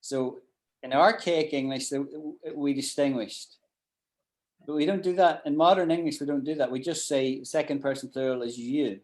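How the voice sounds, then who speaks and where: Man, English teacher, mid pitch, halting, video call audio. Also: darkish tone. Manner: hesitant, repeats words. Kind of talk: online class feedback. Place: at home in Ireland.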